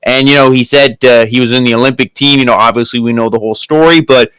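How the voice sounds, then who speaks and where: A man's voice: mid-range voice, fairly even intonation, fast, a bit bright, clear, resonant tone, dry recording, rough recording. Male co-host, medium voice, easygoing, dry close mic. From Pennsylvania. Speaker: podcast co-host. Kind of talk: casual review chat.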